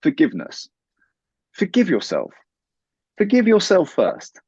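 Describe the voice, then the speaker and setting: A man's voice: sits high, huge pitch swings, unhurried, darkish tone, slightly rough, dry recording. A man talking as a guest in an interview, earnest and giving advice. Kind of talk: conversational interview. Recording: dull, lo-fi, dry sound.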